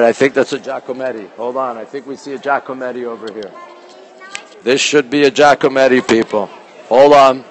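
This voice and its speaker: Man, casual live-stream host, phone mic, museum gallery, reads titles slowly, greets viewers, sometimes talks low. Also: a little hiss or hum. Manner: talks low at times to keep quiet. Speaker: livestream host touring a museum. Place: indoor art museum gallery.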